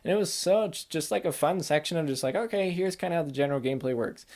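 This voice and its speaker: A man's voice: fairly high pitch, animated, fast talker, darkish tone. A young adult man in a casual chat, rambling with enthusiasm and acting out quoted lines in put-on voices. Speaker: game reviewer.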